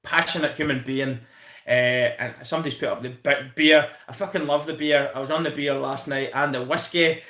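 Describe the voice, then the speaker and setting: A Scottish man hosting a live stream, chatting in a rambling, excitable way and swearing freely. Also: medium pitch, normal speed, roomy sound. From Scotland. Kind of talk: casual live-stream chat.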